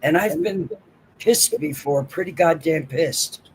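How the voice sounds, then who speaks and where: A man's voice: on the high side, takes it slowly, slight background noise, poor audio. A man co-hosting a casual livestream, talking emphatically, repeating himself and restarting his sentences. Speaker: livestream co-host.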